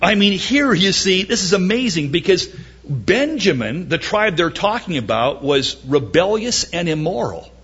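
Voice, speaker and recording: Animated preacher man, lively wry delivery. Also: high-pitched, normal speed, husky, muffled recording. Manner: animated, dramatic quoting with mock-wailing and wry humor. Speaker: pastor. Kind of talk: sermon.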